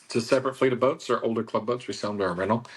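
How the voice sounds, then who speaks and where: A man talking casually on a radio show, pitching his boat club in a chatty, salesy way and repeating the phone number. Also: very fast, breathy edge. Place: radio studio.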